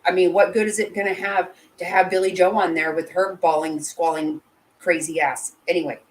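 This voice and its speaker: Low-voiced woman giving blunt, heated commentary. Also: fairly even intonation, normal speed, poor audio. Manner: blunt and heated, with frequent swearing; emotional, with frequent restarts. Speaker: channel host. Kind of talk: live commentary answering chat.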